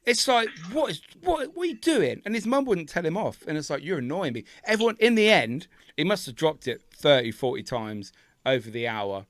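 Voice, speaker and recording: A man's voice: fairly high pitch, a little fast. Ranting man, podcast co-host. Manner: ranting, heavy swearing, animated outbursts. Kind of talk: casual chat.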